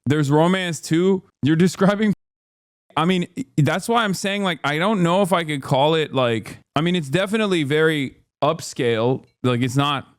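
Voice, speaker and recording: Casual stream host, man, higher-pitched, rambling and animated, close dry mic. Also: moderate pace, clear, resonant tone, no echo. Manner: rambling, animated, swings from mumbling to loud exasperation.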